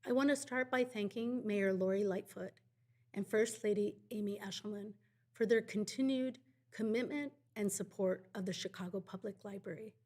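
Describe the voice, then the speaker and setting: A woman's voice: medium pitch, normal speed, darkish tone. Polished woman official giving remarks. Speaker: acting library commissioner. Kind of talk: formal ceremony remarks.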